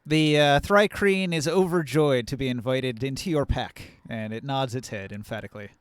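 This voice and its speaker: A man narrating a tabletop game as game master, relaxed and descriptive. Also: medium pitch, normal speed, clear, resonant tone, no room sound.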